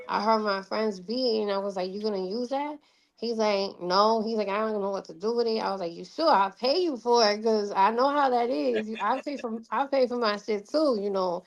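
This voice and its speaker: A woman with a thick Brooklyn New York accent, a musician guest talking candidly in slangy casual interview chat. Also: medium pitch. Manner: candid, slangy, laughs often.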